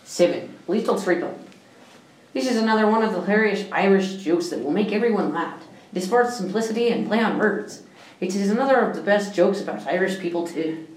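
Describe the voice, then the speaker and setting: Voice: mid-range voice, fairly quick, reverberant, distant mic, low-quality recording. A person reading a countdown of jokes aloud, often stumbling and restarting mid-sentence. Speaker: joke reader.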